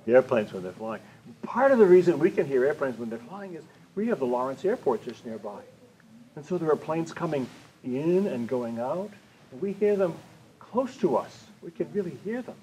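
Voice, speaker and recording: The older storytime reader has a mellow, sing-song voice on the high side and reads at a moderate pace, making playful sound effects and repeating lines for the kids at the library before chatting with them. It is a low-quality community TV recording with faint room noise.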